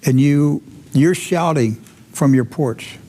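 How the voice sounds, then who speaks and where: A man's voice: fairly high pitch, takes it slowly, mellow. A man hosting a commentary show, telling a dramatic story with emphatic repetition and sudden drops into intense whispers.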